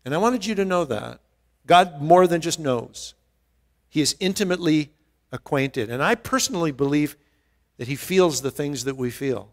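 A male pastor giving an earnest verse-by-verse Bible teaching, rising in pitch and volume to stress a point and often restarting his words. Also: expressive, fairly quick. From United States. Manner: rises in pitch and volume for emphasis.

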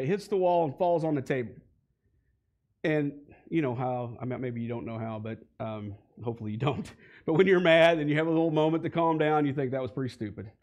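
A guest speaker in his forties gives his faith testimony to a church congregation in the sanctuary, speaking conversationally and building to heated emphasis. His voice is fairly high and darkish, and the audio sounds dull.

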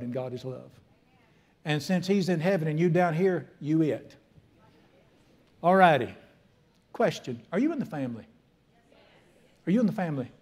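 An older man preaching a sermon as pastor, joking with the congregation and turning soft and earnest in prayer. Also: on the high side.

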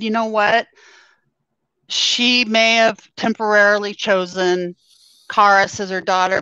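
A woman guest telling a personal story in a halting way, full of ums, her voice scratchy after surgery. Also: medium pitch, fairly bright tone, no room sound. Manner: halting, with many ums and pauses. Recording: dull, lo-fi sound.

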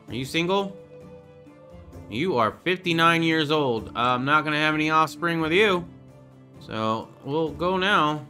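This gaming channel host is a young man whose high voice sounds bright and forceful. In relaxed let's-play commentary, he jokes about his own gameplay and reads out what the characters say.

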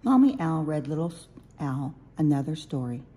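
Low, husky woman reading a bedtime story. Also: normal speed. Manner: gentle, lilting, expressive. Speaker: storybook reader. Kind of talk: children's picture book read-aloud.

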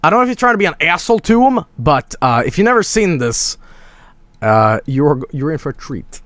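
A male streamer giving excitable live stream commentary, swearing freely and laughing often. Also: a little high, a little fast, no echo, clean studio sound.

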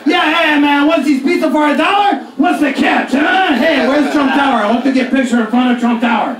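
A man doing a brash, shouting Eurotrash tourist. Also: very high voice, moderate pace, a crowd in the background. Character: loud brash male Eastern European tourist. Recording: echoey club heard from far off, audience.

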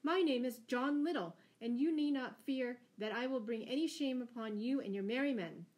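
A huge, loyal stranger pledges himself with plain, earnest warmth, as a woman reads him. His voice sits a little raised and speaks forthrightly, promising steady devotion. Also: sits high, moderate pace, voice pushed up, natural voice. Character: tall, strong male stranger, earnest and loyal.

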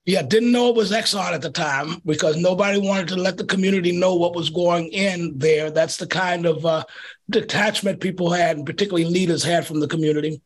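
A man with a high, husky voice tells a community story with lively energy. He is a middle-aged pastor speaking in an interview, and he acts out the quotes as he goes. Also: brisk.

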